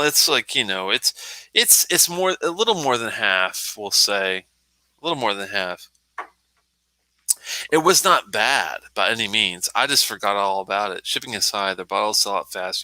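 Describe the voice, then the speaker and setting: A man's voice: medium pitch, pushed and bright, no room sound, rough recording. A man hosting a casual live stream, chatting in a rambling way, swearing now and then and answering comments from the chat. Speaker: livestream host.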